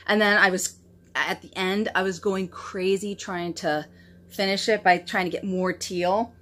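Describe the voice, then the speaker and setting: A woman's voice: mid-range voice, fairly even intonation, a little slow, a bit bright. Chatty, gushing woman host. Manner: chatty, gushing and self-deprecating. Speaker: knitting podcast host. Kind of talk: casual show-and-tell chat.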